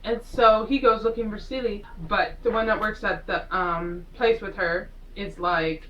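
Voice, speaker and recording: A woman's voice: mid-range voice, measured pace, a bit bright, far from the mic, highs cut off, slight background noise. A woman casually recapping a film with sarcastic asides, rambling and acting out the characters as she goes. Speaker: vlogger reviewing a film. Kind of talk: casual chatty movie recap.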